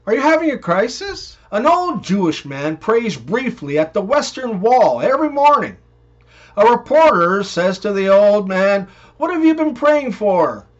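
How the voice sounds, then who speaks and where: A man reading one-liners and joke stories in an even, unhurried way. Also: high-pitched. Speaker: joke narrator. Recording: dull, muffled recording.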